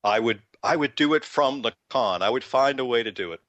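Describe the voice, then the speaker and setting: A man's voice: mid-range voice, lively intonation, brisk, fairly bright tone, dry recording, dull audio. A man guesting on a podcast, easygoing and laughing often. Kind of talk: casual podcast banter.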